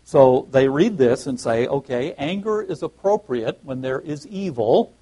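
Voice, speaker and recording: A man's voice: medium pitch, lively intonation, measured pace, dark tone, slightly rough, rough recording. A man preaching a sermon and reading scripture aloud, often restarting his phrases and rising emphatically on key words.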